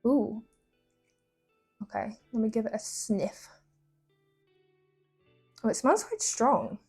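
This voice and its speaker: Slightly high and a little mellow, her voice has a faint roughness, and she takes things slowly. The young Englishwoman bakes in her home kitchen, chatting to viewers and mocking herself, with faint music in the background.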